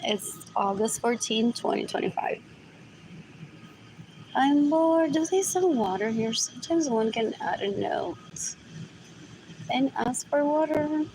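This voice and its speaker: Here a woman with a slightly high voice hosts a solo livestream, sounding animated but unhurried, with noise behind her. Her talk wanders and mutters along, looping back on itself and jumping between languages mid-sentence.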